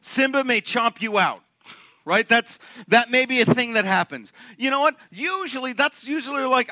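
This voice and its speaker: A young man preaching a sermon to his congregation, animated and joking, often asking the room questions. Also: very high voice, moderate pace, dry recording. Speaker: pastor. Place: church sanctuary.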